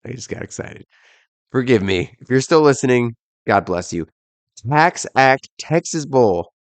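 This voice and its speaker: A man's voice: medium pitch, lively intonation, a little slow, dry recording. A young man hosting a casual solo football podcast, rattling off odds and picks in an offhand, self-deprecating way. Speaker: podcast host. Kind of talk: casual solo bowl predictions.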